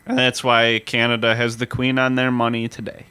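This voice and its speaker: A man's voice: medium pitch, monotone, moderate pace, bright, forceful tone, smooth, no room sound. A man co-hosting a casual history podcast, explaining events step by step in a storytelling way. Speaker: podcast co-host.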